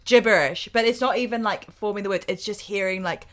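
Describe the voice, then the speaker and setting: A woman's voice: medium pitch, brisk, fairly bright tone. A woman guesting on a casual podcast, agreeable and chatty. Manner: agreeable, brief affirmations.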